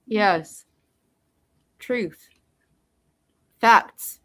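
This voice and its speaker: A woman's voice: medium pitch, extremely slow, no echo. A woman hosting a live stream, chatting casually and laughing often. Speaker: stream host.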